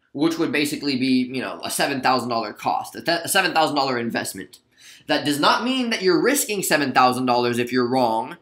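A man hosting a casual trading recap, chatty and relaxed, with lots of fillers and asides. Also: mid-range voice, reverberant. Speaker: stock trading video host. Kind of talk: casual screen-share trade recap.

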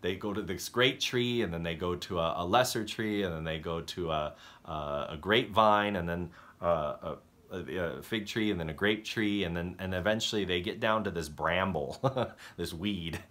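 A man preaching a conversational sermon as pastor, halting and restarting often, and acting out the voices of story characters. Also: low voice, fairly bright tone. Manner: halting, self-correcting delivery that acts out story characters.

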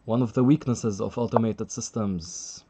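A man's voice: lowish voice, steady tone, normal speed, warm tone, slight background noise. A man commentating live chess on a stream, chatty and thinking aloud, laughing often and reading out the chat.

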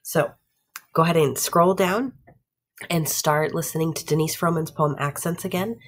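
A woman's voice: low-pitched, steady tone, moderate pace. A woman teacher giving a recorded lesson to her students, often checking in with "right?" and "okay?".

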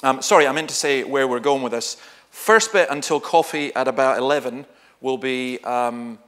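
A man's voice: mid-range voice, moderate pace, a bit bright. A man with a Scottish accent giving an informal teaching talk at a church, telling stories with humor and often correcting himself mid-sentence. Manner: conversational, humorous, self-correcting storyteller. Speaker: guest speaker.

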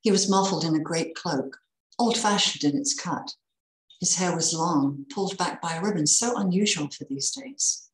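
A woman reading a Christmas story aloud in a measured, expressive way. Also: on the low side, reverberant, low-quality recording.

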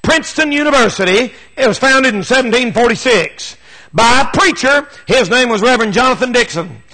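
A man preaching a sermon in a fervent, emphatic manner, with folksy plain speech, repeating his points and often rising to shouts. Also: very high voice, lively intonation, fairly quick, low-quality recording.

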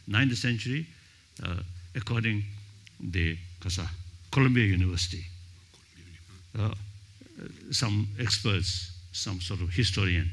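Older man, halting panel speaker. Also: mid-range voice, fairly bright tone, breathy edge. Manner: halting, searching for words, frequent "you see". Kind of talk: panel talk. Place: conference hall.

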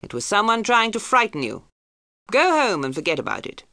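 A woman's voice: mid-range voice, very animated, fairly quick, bright, forceful tone, dry recording, voice pushed up. Lady playing a bossy old colonel, firm and blunt, dry storybook read. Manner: firm and commanding. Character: gruff, commanding older male army colonel.

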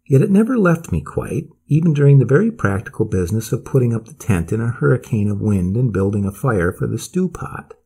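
A man narrating a classic story as an audiobook, measured and expressive, with a husky voice. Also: medium pitch.

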